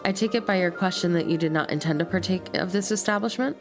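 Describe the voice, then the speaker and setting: A woman with a slight lisp voicing a composed, courteous female succubus brothel keeper, reading game dialogue aloud in calm, polite, formal speech. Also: on the low side, fast, close to an everyday voice. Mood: poised. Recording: stream with clear music behind.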